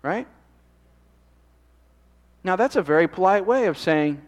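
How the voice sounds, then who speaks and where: A man's voice: high-pitched, animated, a little slow, in a large hall, muffled recording. A man preaching a sermon in a conversational way, often asking the congregation questions. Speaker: pastor.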